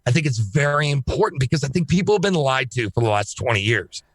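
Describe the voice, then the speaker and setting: A man speaking as a guest on a podcast, talking in an emphatic, excitable way and swearing freely. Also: mid-range voice, quick pace, slightly rough, no room sound, studio quality. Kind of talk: casual podcast chat.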